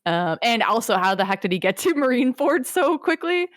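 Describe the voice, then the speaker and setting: A young woman co-hosting a podcast, recapping a story in an animated, rambling casual chat. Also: fairly high pitch, brisk, dry recording, studio quality. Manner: animated, rambling, lots of fillers. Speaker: podcast co-host.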